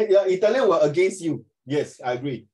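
A man leading a classroom discussion, playful and lively, mixing English with Mandarin. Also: on the high side, moderate pace, poor audio. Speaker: teacher.

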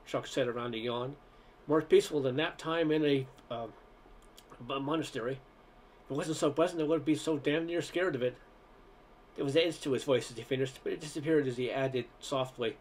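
A man's voice: medium pitch, moderate pace. Man reading a story aloud. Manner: stumbles and restarts on words. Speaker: amateur reader.

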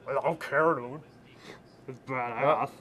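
A young man chatting casually and excitedly while opening trading card packs, swearing and exclaiming. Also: medium pitch, slow. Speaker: card pack opener.

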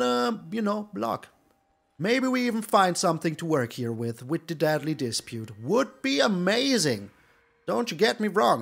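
A man's voice: fairly high pitch, gravelly. A man hosting a gaming channel, giving live gameplay commentary with theatrical groans and pleas at his opponent.

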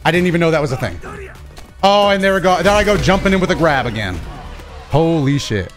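A man streaming a fighting game, commenting live and swinging between low mumbles and excited shouts. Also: a little fast. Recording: game music underneath.

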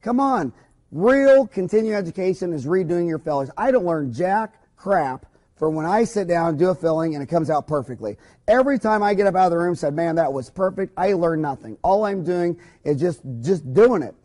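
A man's voice: high voice, animated, moderate pace, darkish tone. A man, a dentist, giving an informal recorded lecture to other dentists, talking in an emphatic, folksy, rambling way with many asides.

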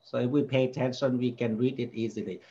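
A man's voice: medium pitch, fairly even intonation, quick pace, warm tone, lo-fi sound, slight background noise. A man tutoring a child in spelling, patiently repeating each word and sounding out its vowels. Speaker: home tutor.

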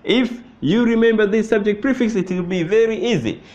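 A man's voice: high voice, darkish tone. A man with a Tanzanian accent teaching a language lesson, patient and repetitive, often checking with "you see that?". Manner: slow, patient, repeats phrases and asks "you see that?". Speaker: Swahili teacher. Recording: muffled lo-fi recording.

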